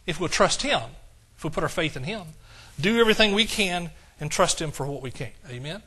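High, bright-voiced older male preacher. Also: expressive, a little fast, breathy edge. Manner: emotional, fervent preaching with audience call-outs. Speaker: pastor. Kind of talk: sermon.

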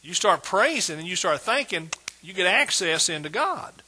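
A man preaching a sermon as pastor, emphatic and repetitive, building words into shouts of praise. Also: high-pitched, very animated, moderate pace, husky. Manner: emphatic preaching, repeats words with rising intensity.

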